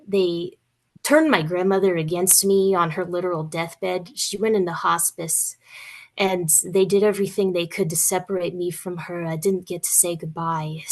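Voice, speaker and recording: A young woman guest speaking candidly and emotionally in an interview, with some swearing. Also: on the low side.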